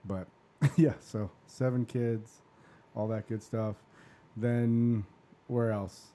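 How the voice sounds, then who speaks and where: A man's voice: medium pitch, steady tone, slow, warm tone. A man in his forties, a podcast host, telling a long personal story in a rambling, casual way and swearing freely.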